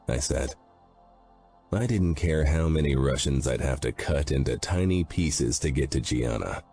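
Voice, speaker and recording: A man's voice: very deep voice, a little slow, creaky, dark tone, faint music behind. A man narrating a first-person audiobook in a grim, intense manner.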